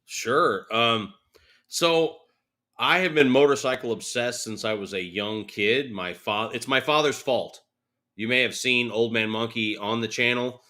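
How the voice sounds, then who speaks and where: A man's voice: mid-range voice, unhurried. A man in his forties, a guest on an interview show, telling stories casually and acting out what others said. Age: 40s. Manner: animated storyteller, laughing, acts out quotes.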